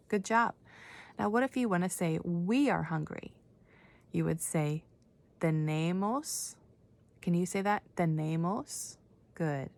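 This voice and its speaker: A woman's voice: lowish voice, gravelly. A woman teaching a beginner Spanish lesson for children, patiently repeating each word and asking listeners to say it back. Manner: patient, repeats words and prompts listeners to say them.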